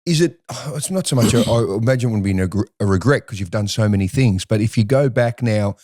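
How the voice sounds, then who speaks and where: Low-voiced podcast host. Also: male voice, animated, fast talker, a little mellow, no echo, studio quality. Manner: brief affirmations, conversational questions. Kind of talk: casual interview.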